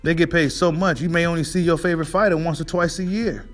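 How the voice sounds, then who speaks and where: A man's voice: a little high, fairly even intonation, fast talker, soft background music. A man hosting a boxing monologue, ranting in a heated, profane way and asking his audience "right?" again and again. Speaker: boxing commentary host. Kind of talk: casual rant monologue.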